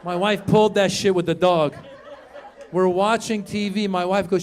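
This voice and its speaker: A middle-aged man from Iran doing stand-up comedy on stage, animated and shouting his punchlines while acting out the people in his stories. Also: high voice, normal speed. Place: comedy stage before a live audience.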